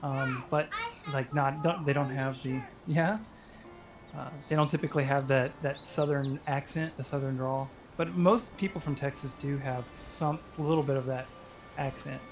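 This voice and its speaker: American male gamer, mid pitch, rambling casual talk on voice chat. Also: fairly even intonation, normal speed, over music. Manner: hesitant, rambling, lots of fillers. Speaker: co-op player.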